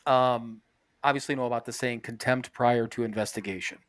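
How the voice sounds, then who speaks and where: Talking from a bathroom, a man co-hosting a podcast rambles in casual chat, cursing heavily and laughing a lot. His mid-range voice is steady, brisk and fairly bright, recorded with clean studio sound and no echo.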